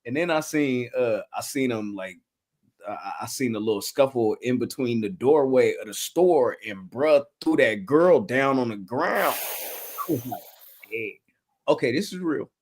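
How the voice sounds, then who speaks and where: A man's voice: mid-range voice, expressive, unhurried. A man hosting a podcast, chatting casually with a playful, hype-man delivery. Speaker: podcast host. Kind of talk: casual chat.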